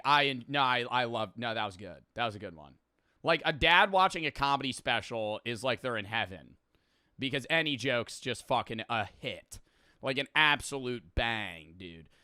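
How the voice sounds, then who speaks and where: A man's voice: mid-range voice, sharp tone, clean tone, dry recording, studio quality. A young man streaming and reacting to videos, rambling, laughing and swearing casually.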